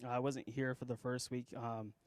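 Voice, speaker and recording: A young man speaking to a church group, emotional and halting, with many fillers as he gives a personal testimony and then begins a sermon. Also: mid-range voice, little pitch movement, no echo.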